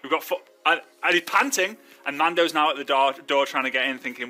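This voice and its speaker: Bright chatty man. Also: fairly high pitch, expressive, a little fast, faint music behind. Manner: chatty, rambling, self-interrupting. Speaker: network marketing trainer. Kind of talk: casual training video talk.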